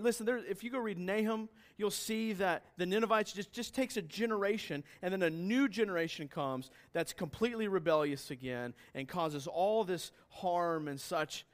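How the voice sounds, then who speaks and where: High-voiced preacher with loud bursts. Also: male voice, normal speed. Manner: earnest, questioning, rises to loud emphatic bursts. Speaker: pastor. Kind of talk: sermon. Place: church hall with congregation.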